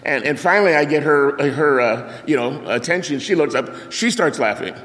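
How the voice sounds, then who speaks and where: An older man preaching a sermon, telling a lively anecdote with sound effects and acted-out quotes before turning to scripture. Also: fairly high pitch, normal speed. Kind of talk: storytelling sermon. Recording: long reverb of a large hall.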